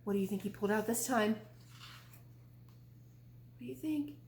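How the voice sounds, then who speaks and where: A woman's voice: medium pitch, normal speed, darkish tone, slight background noise. A young adult woman, a librarian, reading a children's picture book aloud, playful and full of questions for the kids. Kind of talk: children's storytime read-aloud. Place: library room. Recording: roomy echo.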